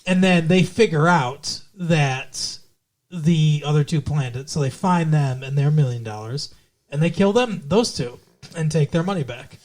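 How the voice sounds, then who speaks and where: A man co-hosting a movie podcast, casually retelling scenes, swearing freely and slipping into quick impressions. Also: a little high, darkish tone. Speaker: podcast co-host. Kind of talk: casual movie review chat.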